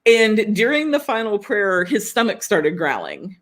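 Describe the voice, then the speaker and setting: Speaking at a measured pace in a medium-pitched voice, this podcast co-host spins a story during relaxed chat. She's lively, laughs frequently, and performs the quoted dialogue of the characters.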